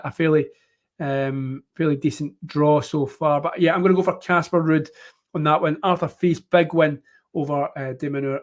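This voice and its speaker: A man's voice: fairly high pitch, a little mellow. Chatty man hosting. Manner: chatty, rambling with many ums. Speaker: host. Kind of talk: casual live-stream chat.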